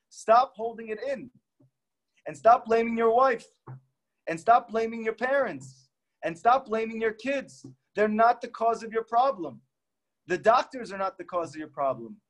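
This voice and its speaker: A man, a rabbi, giving a spiritual teaching talk, impassioned and acting out pleading prayers in his own voice. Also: very high-pitched.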